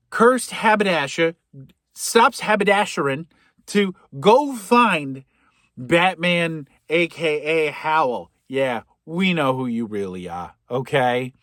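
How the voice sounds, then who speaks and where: A man's voice: fairly high pitch, fairly bright tone, dry recording, clean studio sound. Sarcastic Boston man ranting a recap. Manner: sarcastic, profane, rambling asides. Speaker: podcast host. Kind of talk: comedic movie recap rant.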